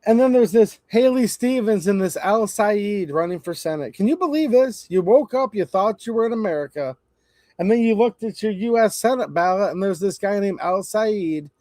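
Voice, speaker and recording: A man runs a live stream, talking bluntly and casually to his viewers in a slightly high voice. The sound is dry and close, with no room echo. He gives strong opinions and answers his chat directly. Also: lively intonation, moderate pace, dark tone.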